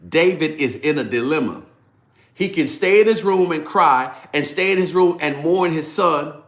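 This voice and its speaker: A man delivers a devotional sermon in an echoing room, his voice sitting at a middling pitch. He preaches emphatically, pushing hard on some lines and dropping to near-muttered asides on others. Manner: emphatic, swings from loud to hushed asides. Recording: roomy echo.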